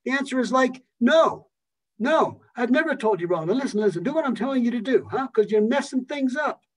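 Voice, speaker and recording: A man's voice: very high voice, animated, voice pushed up. A man doing a brash, pushy Philadelphia guy. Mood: scolding. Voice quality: loud, needling, rapid-fire questions.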